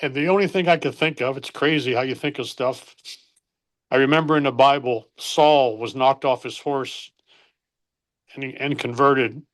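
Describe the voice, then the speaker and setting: An older man speaks as an interview guest and tells a personal story with earnest feeling. He often stops to correct himself. His voice sits at an ordinary, middle pitch. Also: steady tone, moderate pace. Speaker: guest speaker, former baseball coach.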